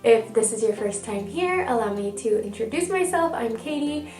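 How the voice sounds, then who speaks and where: Faint music plays as she talks, the mic set at a distance in an echoey room. Her voice is on the high side, a little mellow, animated and at normal speed. Congested from a cold and slightly breathless, the young vlogger shares a casual, cheerful pregnancy update.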